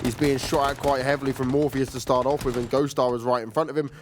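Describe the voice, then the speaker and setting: A man casting an esports match, giving energetic, joking play-by-play and voicing what the players might be thinking. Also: mid-range voice, fast talker, noisy background. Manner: energetic, jokey, voices players' thoughts. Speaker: esports caster. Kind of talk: play-by-play commentary.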